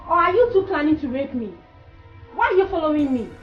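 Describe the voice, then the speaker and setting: A woman's voice: sits high, animated, fairly quick, soft background music. An actress with a Ghanaian English accent playing a spoiled, defiant young woman who complains indignantly in a film drama. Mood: suspicious. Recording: echoey room, mic far off, dull sound.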